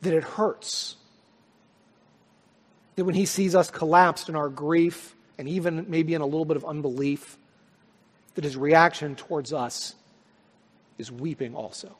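A male pastor preaching a sermon, swelling to loud, high peaks and then dropping to soft, quiet lines. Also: fairly even intonation, unhurried, pauses often, breathy edge. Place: church sanctuary. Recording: long hall reverb.

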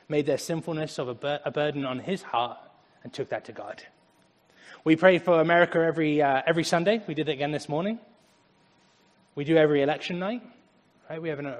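Young guy preaching, slightly high voice, laughs a lot, big echoey church hall. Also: fast talker. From Germany. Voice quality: animated, laughs often. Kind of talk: sermon. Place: church sanctuary.

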